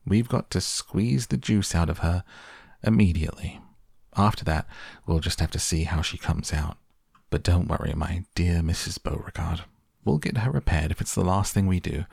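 A man's voice: low-pitched, vocal fry, a little mellow, husky, no echo, clean studio sound, heavily acted. A man voicing Willy Wonka, rueful eccentric. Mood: brisk. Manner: wistful sighing, then briskly matter-of-fact. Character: eccentric, sighing male chocolatier inventor.

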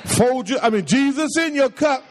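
A man preaching with a lot of life in his voice, his pitch climbing and dropping as he talks to the congregation. He sits fairly high for a man, and he teases his listeners and jumps up even higher when he acts out what people say. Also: moderate pace, slight background noise. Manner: animated, conversational preaching with playful asides. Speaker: pastor. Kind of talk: sermon.

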